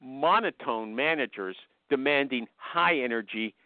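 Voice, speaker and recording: A male podcast host talking in a rambling, excitable way, with a casual ad read mixed in. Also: mid-range voice, measured pace, dry recording, phone-quality sound. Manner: rambling, excitable, jumps into funny voices.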